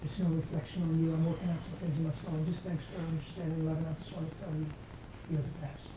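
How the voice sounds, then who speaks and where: A man's voice: on the high side, level tone, fast talker. A man preaching a conversational sermon, telling stories and acting out what people said. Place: church meeting room. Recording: echoey room from far off, faint background noise.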